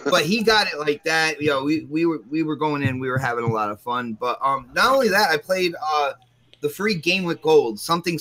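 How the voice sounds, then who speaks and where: An enthusiastic man co-hosts a casual gaming podcast. He rambles and stumbles over his words. His voice is bright and forceful, a touch higher than most men's. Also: low-quality recording. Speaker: podcast co-host.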